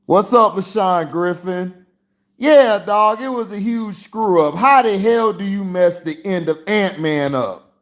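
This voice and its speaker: A man's voice: sits high, a little slow. A man hosting a casual livestream movie review, rambling in a slangy way with lots of fillers. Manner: rambling and slangy, full of "you know" fillers. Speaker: movie reviewer and channel host.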